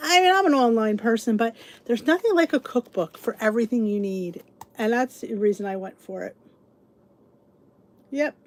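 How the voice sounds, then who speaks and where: A woman's voice: fairly high pitch, moderate pace. A middle-aged woman hosting a casual livestream chat, greeting viewers by name and chatting freely. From United States. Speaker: host.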